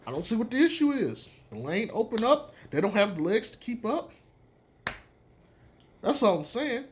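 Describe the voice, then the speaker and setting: A man with a fairly high voice gives his basketball takes in a casual, profane way. His pitch swings widely as he hammers his points home, over a faint hiss. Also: normal speed. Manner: emphatic, profane, animated. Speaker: sports commentator. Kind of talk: casual sports opinion talk.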